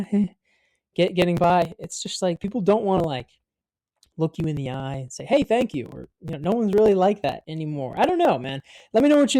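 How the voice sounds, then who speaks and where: On a dry recording, a high-pitched, mellow-voiced American man in his twenties vlogs a story to camera. The telling is casual and meandering, heavy on the filler "like" and loose with the swearing.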